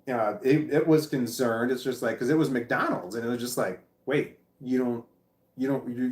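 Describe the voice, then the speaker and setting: A man telling a personal story in a rambling, unscripted way, often restarting sentences and swearing. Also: medium pitch. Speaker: vlogger. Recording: echoey room.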